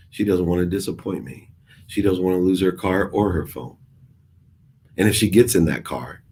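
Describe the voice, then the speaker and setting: A man's voice: low voice, a little mellow, slight background noise. A middle-aged man giving an emphatic, preachy motivational talk, repeating his phrases for effect. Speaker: motivational speaker.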